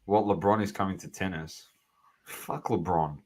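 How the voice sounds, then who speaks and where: A man's voice: sits low, steady tone, moderate pace, a little mellow. An Australian man co-hosting a sports podcast, chatting casually in blunt, sweary slang. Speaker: podcast co-host.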